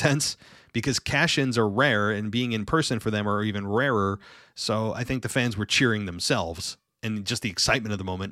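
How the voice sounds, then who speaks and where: A man's voice: lowish voice, fairly bright tone, dry recording, studio quality. A man giving opinionated, rambling commentary in a casual review, often restarting his sentences. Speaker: wrestling show reviewer.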